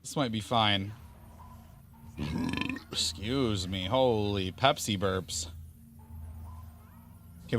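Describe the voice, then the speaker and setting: A man's voice: mid-range voice, pushed and bright. A man streaming a video game, chatting casually and rambling with viewers in a self-deprecating way. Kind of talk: casual gaming stream chat.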